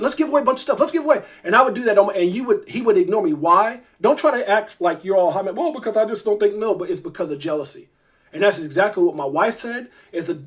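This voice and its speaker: Fast-talking, irritated man ranting. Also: high-pitched. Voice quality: fast, emphatic, repeats himself. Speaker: crypto YouTuber. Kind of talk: heated rant to camera.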